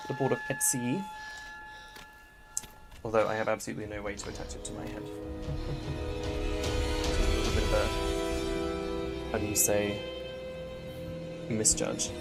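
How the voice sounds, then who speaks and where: A woman's voice: a bass voice, steady tone, unhurried, pauses often, low-quality recording. A woman streaming a game, chatting with her viewers and giggling often between comments. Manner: chatty and giggly, with frequent laughs. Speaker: gaming streamer. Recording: game music loud in the background. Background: game soundtrack music.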